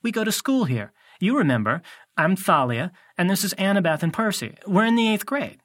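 A man's voice: high-pitched, sing-song, brisk, a bit bright, voice pushed up. A man doing a bold, cool teenage girl. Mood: confident. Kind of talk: audiobook character voice.

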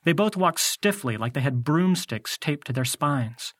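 A man's voice: fairly high pitch, animated, measured pace, a bit bright, no room sound. A man narrating a first-person audiobook in a wry, conversational way.

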